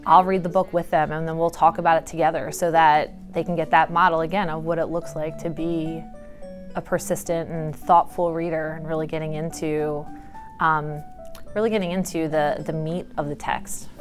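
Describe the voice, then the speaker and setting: A woman teacher in an interview, speaking earnestly in a low, very even voice. Background music runs clearly under her words. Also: moderate pace. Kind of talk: interview talk.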